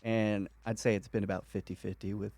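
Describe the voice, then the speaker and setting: A man's voice: lowish voice, flat delivery, a little fast, a little mellow, dry recording. Male podcast host, casual, swears a lot, laughs often, dry sound. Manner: profane, laughing storyteller. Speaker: father and new stand-up comic.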